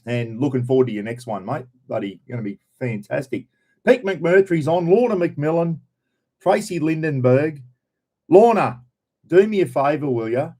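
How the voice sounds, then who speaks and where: A man's voice: fairly high pitch, normal speed, warm tone. An older man with an Australian accent hosting a casual live stream, greeting viewers by name in a chatty, blunt way and swearing freely.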